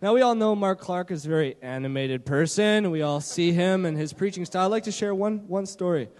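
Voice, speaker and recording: A high-pitched man from Canada telling a story at a church gathering, animated and full of "uh" and "kinda" as he restarts his sentences. His handheld mic rings through a hall with a long, trailing reverb. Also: fairly quick. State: shaky from not eating. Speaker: church youth leader sharing a mission trip story. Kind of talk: church testimony talk. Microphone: handheld microphone.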